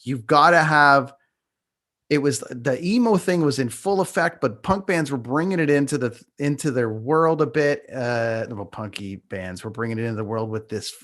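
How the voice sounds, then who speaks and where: A man in casual chat, speaking haltingly and restarting his sentences often. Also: medium pitch, a bit bright.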